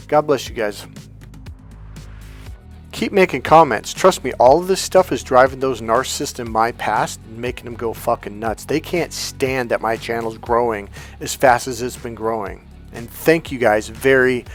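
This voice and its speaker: Blunt, fiery man coaching on camera. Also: medium pitch. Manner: blunt, profane, fiery and emphatic. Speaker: relationship coach. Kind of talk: motivational vlog monologue.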